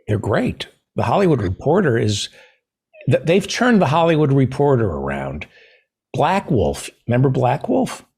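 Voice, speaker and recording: A man hosting a talk show, his voice a little husky and his pitch swinging widely as he talks. He jokes in a dry, self-deprecating, deadpan way in relaxed conversation. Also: moderate pace. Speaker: podcast host. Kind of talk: casual chat.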